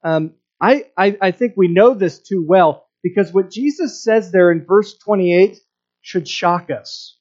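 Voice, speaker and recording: A man preaching a sermon in a fairly high voice, earnest and prone to repeating words as he restarts his thoughts. The recording has a somewhat dull, lo-fi sound. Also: measured pace, darkish tone. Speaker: pastor.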